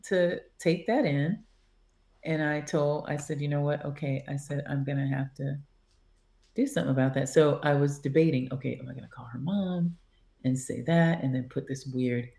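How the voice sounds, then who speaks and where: A woman's voice: low voice, normal speed, creaky. A woman guest on a podcast, casually telling a story and acting out the dialogue. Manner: animated, acts out quoted dialogue. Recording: roomy echo.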